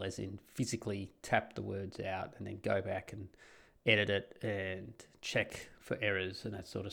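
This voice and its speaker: A man's voice: fairly low pitch, fairly bright tone. An Australian man talking casually and bluntly on his solo podcast, rambling with sardonic asides. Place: home in the Netherlands.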